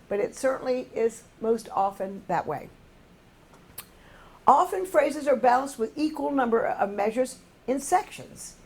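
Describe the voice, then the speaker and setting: Older woman teaching singers, gravelly husky voice. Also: on the high side. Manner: patient, explanatory, sings short demonstrations. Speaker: choir music director. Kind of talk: teaching a singing class.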